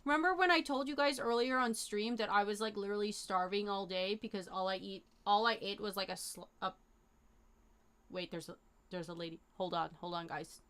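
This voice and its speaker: A young woman streaming live, chatting casually with her viewers in a rambling, animated way full of fillers and slang. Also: mid-range voice, a little fast, clean tone. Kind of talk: casual chat to a live chat audience.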